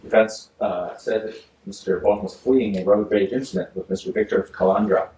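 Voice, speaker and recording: A male judge reading a ruling from the bench in a measured, formal way, often pausing with "uh". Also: fairly low pitch, darkish tone, far from the mic. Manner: measured, formal legal delivery with frequent uhs. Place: courtroom. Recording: echoey courtroom audio from afar, faint hiss.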